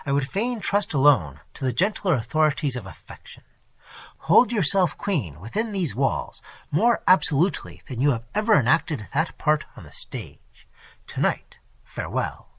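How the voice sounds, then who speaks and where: A man's voice: medium pitch, huge pitch swings, moderate pace, fairly bright tone, slightly rough, exaggerated voice. A man putting on a scornful, imperious prince. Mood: courtly. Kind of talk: audiobook character voice.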